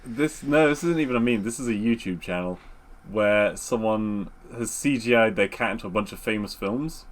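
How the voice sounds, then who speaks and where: A man co-hosting a podcast, chatting in a relaxed way, laughing easily and swearing casually. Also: lowish voice, moderate pace. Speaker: podcast co-host. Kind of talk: casual chat.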